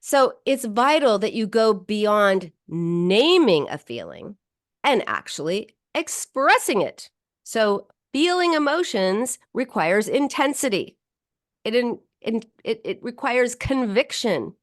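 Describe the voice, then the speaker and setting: A woman psychotherapist hosts a talk podcast and walks through a client's story in plain explanatory speech. Her pitch rises and falls in a lively way, and she often restarts her sentences. The recording is close and dry. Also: takes it slowly, no room sound. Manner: explanatory, warm-paced storytelling with frequent "you know" and restarts.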